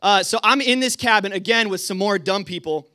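A man's voice: sits high, fairly quick, sharp tone. A young man leading a youth group, telling stories in a casual, rambling way with lots of fillers. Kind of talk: storytelling talk to a youth group.

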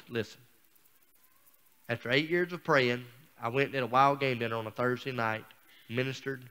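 A man's voice: medium pitch, pushed and bright, smooth. A man speaking as a guest preacher, telling a personal story in a folksy, down-home sermon style.

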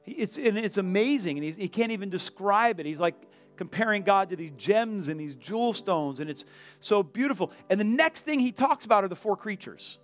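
Animated high-voiced male pastor preaching. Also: a little fast, faint music behind. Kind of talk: sermon. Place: church sanctuary.

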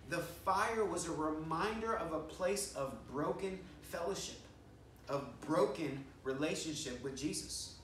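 A man preaches a storytelling sermon, slipping into the quoted lines as he goes. His voice sits a little high for a man, and it is picked up from across an echoey church room. A faint hum of room noise sits behind him. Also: fairly bright tone. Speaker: pastor. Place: church sanctuary. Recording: roomy church sound from a distant mic.

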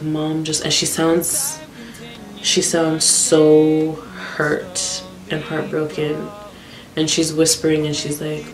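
A young woman telling a personal story for her vlog in a candid, raw way and swearing bluntly. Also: low-pitched. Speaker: vlogger. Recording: roomy echo with background music.

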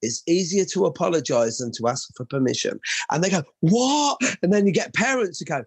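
A man who teaches martial arts, co-hosting a show and telling lively stories that he acts out in quoted voices. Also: on the high side, fast, gravelly, husky, dry recording. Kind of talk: animated podcast chat with acted-out anecdotes.

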